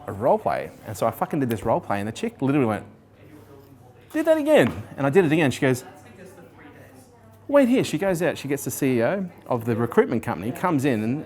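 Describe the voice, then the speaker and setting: A man in his forties, a guest in an interview, telling his life story casually, animated and swearing freely while acting out what others said. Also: medium pitch. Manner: animated, swears freely, acts out quoted people.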